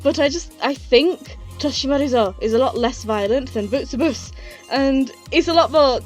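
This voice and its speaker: A woman talking through a casual retrospective review, slightly out of breath, chatty and enthusiastic and quick to laugh. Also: high voice, lively intonation, faint music behind.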